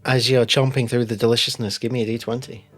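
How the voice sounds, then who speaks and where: A man's voice: mid-range voice, little pitch movement, quick pace, a bit bright, soft background music. A man running a tabletop role-playing game as game master, chatty and laughing often.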